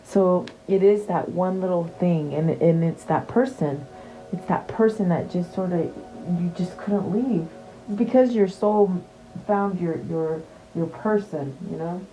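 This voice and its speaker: A woman's voice: fairly low pitch, a little slow, dark tone, soft background music, rough recording. A woman giving a casual tarot reading, chatty and repeating her questions to the cards, with many fillers and restarts. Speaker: tarot reader.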